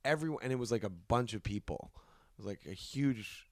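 A young man in casual podcast chat, telling lively anecdotes and slipping into quick put-on voices. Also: medium pitch, dry recording, clean studio sound. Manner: animated storyteller, puts on voices in anecdotes.

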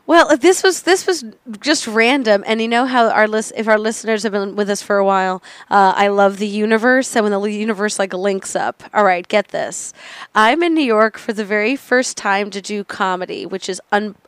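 A young adult woman on a podcast, chatty and giggly, telling a story with quick asides. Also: medium pitch, clean tone, no echo. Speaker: podcast co-host and comedian. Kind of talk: casual chat.

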